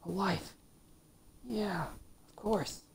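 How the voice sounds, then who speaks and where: A woman's voice: medium pitch, extremely slow, creaky, a little hiss or hum. A woman giving casual commentary while playing a video game, grumbling and dropping into half-whispered asides to herself. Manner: mutters half-whispered asides between exclamations; playfully complaining. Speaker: let's play gamer.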